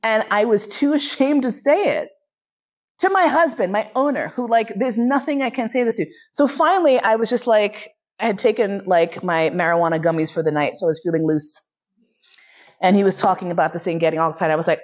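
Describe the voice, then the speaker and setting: A woman lecturer telling a candid story in a frank, bawdy and animated way, laughing often. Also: medium pitch, quick pace, highs cut off.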